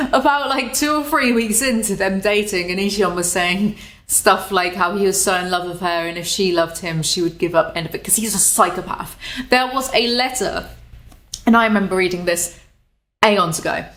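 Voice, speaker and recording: A young British woman giving casual, sarcastic commentary, animated and swearing freely. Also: mid-range voice, normal speed. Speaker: commentary YouTuber. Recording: echoey room.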